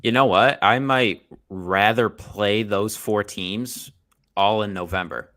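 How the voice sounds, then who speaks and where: A man appearing as a guest on a sports podcast, talking in a measured way and thinking aloud with lots of fillers. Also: on the low side, a bit bright, no echo, clean studio sound. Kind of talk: casual sports podcast chat.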